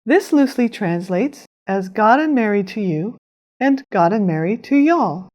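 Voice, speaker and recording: A woman narrating a scripted language lesson, explaining phrases clearly and pronouncing them with care. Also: mid-range voice, expressive, darkish tone. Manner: clear, measured instruction with careful pronunciation. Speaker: language teacher.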